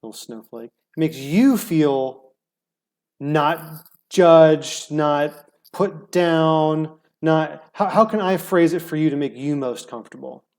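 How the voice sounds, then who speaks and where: Mellow-voiced man, animated teasing. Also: a little high, slow. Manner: animated, stammering restarts, teasing. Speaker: podcast co-host. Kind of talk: casual bickering chat.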